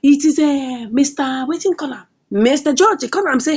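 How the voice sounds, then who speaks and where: A woman with a Nigerian accent chats her way through a story recap. Her voice sits high and leaps around expressively. She slips into the characters' lines as she tells it. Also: lively intonation, fairly quick, darkish tone, lo-fi sound. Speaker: film reviewer. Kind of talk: casual plot recap.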